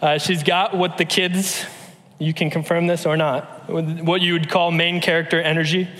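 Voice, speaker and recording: A man in his thirties delivers a relaxed, story-driven sermon, stumbling into restarts and fillers as he talks. His voice sits a little high for a man. A long reverb from the big hall trails behind every phrase. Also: moderate pace. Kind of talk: conversational sermon.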